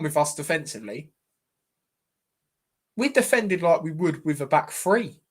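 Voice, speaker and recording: A man's voice: a little high, very animated, a little slow. A young man hosting a live football watchalong as a fan, chatty and exasperated, calling his viewers "mate" constantly.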